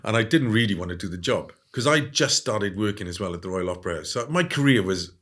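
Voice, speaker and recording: A man telling stories in a casual interview, animated and often adding "right?". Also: fairly low pitch, fast talker. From Wales. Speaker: guest.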